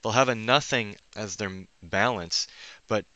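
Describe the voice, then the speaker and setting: Man, low pitch but bright and forceful tone, restless profane monologue, keeps breaking off mid-thought. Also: normal speed, no room sound, muffled recording. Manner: profane, restless, thinking aloud; self-interrupting, trails off mid-sentence. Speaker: vlogger. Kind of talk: rambling monologue.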